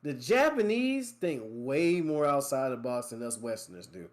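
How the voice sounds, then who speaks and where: A man's voice: mid-range voice, big pitch swings, moderate pace. A man chatting casually about video games. He rambles and fills his talk with "like, you know.". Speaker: guest gamer friend. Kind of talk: casual chat.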